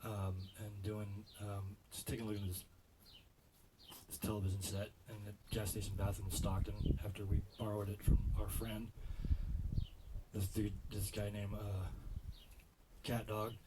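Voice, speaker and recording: A man's voice: fairly low pitch, level tone, a little slow, background noise. A man doing stand-up, telling a rambling story full of restarts. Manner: rambling, self-correcting delivery. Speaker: stand-up comedian.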